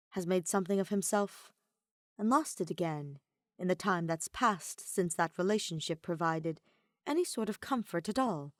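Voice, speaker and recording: A woman narrating fan fiction as an audiobook, in a measured, reflective read. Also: fairly low pitch, no echo, studio quality. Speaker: podfic reader.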